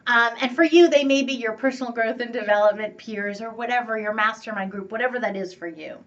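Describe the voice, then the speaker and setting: A woman giving a relationship coaching talk, upbeat and animated, laughing and acting out what friends and family say. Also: a little high, fairly quick, distant mic, lo-fi sound. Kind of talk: teaching talk to camera.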